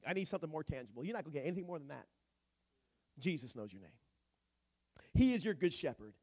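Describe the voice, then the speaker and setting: A male pastor preaching a sermon in an animated, joking, conversational way. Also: a little high, fast talker, long pauses.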